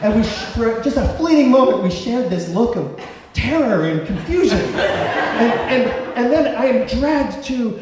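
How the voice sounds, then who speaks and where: A man's voice: extremely high pitch, sing-song, a little slow, very noisy. A man in his thirties telling a personal story live on stage, rambling and stammering with lots of fillers. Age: 30s. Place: stage at a cultural center. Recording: echoey hall from a distant mic.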